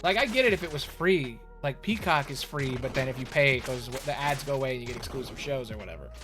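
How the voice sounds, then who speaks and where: A man's voice: medium pitch, lively intonation, quick pace. A man streaming a game and chatting casually with his viewers, rambling and restarting his sentences as he goes. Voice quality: rambling, talks to chat with many restarts. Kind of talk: casual live-stream chat while gaming. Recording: game music playing loudly underneath. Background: video game music.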